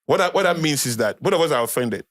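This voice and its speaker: A man's voice: a little high, animated, quick pace, fairly bright tone, dry recording, clean studio sound. A man with a Nigerian accent, a podcast guest lecturing in a conversational way, repeating key phrases for emphasis. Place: podcast studio.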